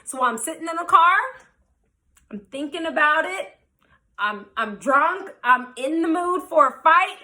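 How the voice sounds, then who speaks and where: High bright animated woman vlogger. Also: unhurried. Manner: animated, frank, profane. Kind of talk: storytime vlog.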